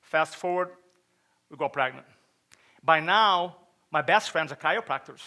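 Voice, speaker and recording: A man's voice: on the high side, a little slow, sharp tone. A middle-aged man from Brazil with a Brazilian Portuguese accent, giving a motivational stage talk and telling a personal story, acting out quotes and asking the audience questions. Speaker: speaker at a chiropractic event.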